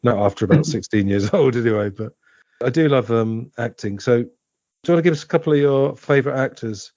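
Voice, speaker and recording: A man hosting a podcast, chatting casually and reminiscing with a quick laugh. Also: medium pitch, darkish tone, dry recording. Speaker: podcast host. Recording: dull, dry lo-fi audio.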